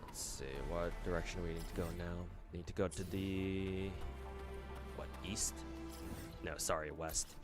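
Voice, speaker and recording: Rambling man streamer, low voice. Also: little pitch movement, measured pace. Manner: rambling, thinking aloud, swears casually. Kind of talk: casual gameplay commentary. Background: faint game music.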